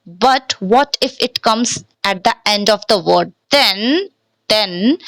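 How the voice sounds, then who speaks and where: A woman's voice: fairly high pitch, pushed and bright, no room sound, low-quality recording. A woman teaching a language lesson from slides, speaking patiently, repeating words and checking in with "okay?", and switching between English and Hindi.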